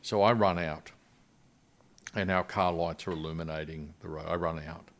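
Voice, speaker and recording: Deep-voiced middle-aged missionary man. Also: fairly even intonation. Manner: earnest, halting retelling with frequent restarts. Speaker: missionary guest. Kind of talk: personal storytelling in a podcast interview.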